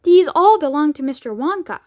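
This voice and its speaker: A woman's voice: high-pitched, expressive, brisk, dark tone, pitched above the performer's own voice. A woman as a soothing, doting mother. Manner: soothing, indulgent.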